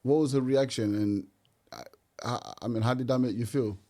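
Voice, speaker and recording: Male podcast interviewer; mellow voice, gentle encouraging asks. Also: mid-range voice, moderate pace. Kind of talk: casual interview questions.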